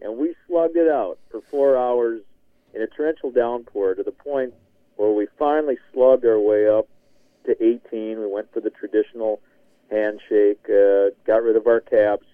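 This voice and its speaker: A man telling a rambling story with lots of laughter and filler, heard through a tinny, narrow phone line. The sound is dry with no room around it. His pitch sits in the middle range. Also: no echo. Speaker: guest contributor. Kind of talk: casual podcast storytelling.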